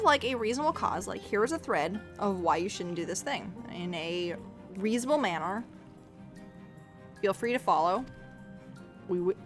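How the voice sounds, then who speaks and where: A woman from the United States streaming a game, chatting casually in a rambling, profane and animated way. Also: a little high. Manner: rambling, profane, animated, acts out quoted voices. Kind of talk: casual live-stream chat while playing. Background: faint game music.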